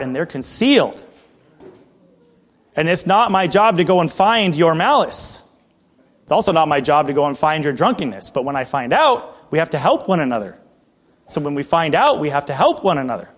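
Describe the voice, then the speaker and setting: A man's voice: on the high side, very animated, moderate pace. A man preaching a conversational sermon, reading scripture aloud and explaining it with casual asides. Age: adult. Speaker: pastor. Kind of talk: expository sermon.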